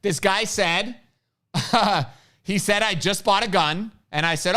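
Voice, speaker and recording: A man's voice: high voice, slow pace, bright, forceful tone. A middle-aged man hosting a casual live-stream chat, a brash joker who tells stories and acts out the quotes. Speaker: podcast host, firearms instructor.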